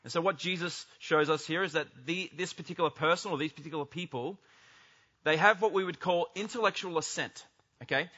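A pastor preaches with a bright, forceful, fairly high voice. He is animated and jumps into quoted lines as he goes, and the recording sounds a bit dull and lo-fi. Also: brisk. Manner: animated, acts out quoted speech. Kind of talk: sermon.

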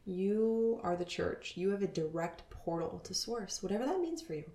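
A woman in her thirties hosting a spiritual podcast, talking earnestly and dropping into soft whispers. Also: mid-range voice, lively intonation, moderate pace, roomy sound. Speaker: podcast host.

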